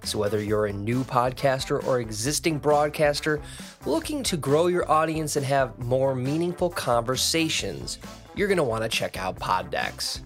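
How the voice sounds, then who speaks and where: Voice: medium pitch, sing-song, moderate pace, faint music behind. A speaker reading a sponsor ad for a podcast with upbeat promotional delivery. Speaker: ad read narrator. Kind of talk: sponsor ad read.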